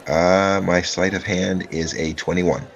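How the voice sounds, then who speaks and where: Male tabletop player, very low voice, hesitant with lots of fillers. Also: fairly even intonation, a little slow, dull audio. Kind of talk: casual tabletop play.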